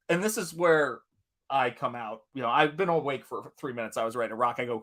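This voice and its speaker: On his live art stream, a Tennessee man recounts a story at a brisk pace in a mid-range voice. The telling is casual and lively, punctuated by frequent laughs and curses.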